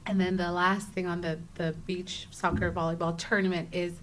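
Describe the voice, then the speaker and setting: A young adult woman, a podcast guest, telling a personal story in a casual interview, animated and acting out her own exclamations, with frequent restarts. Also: lowish voice, moderate pace, slight background noise.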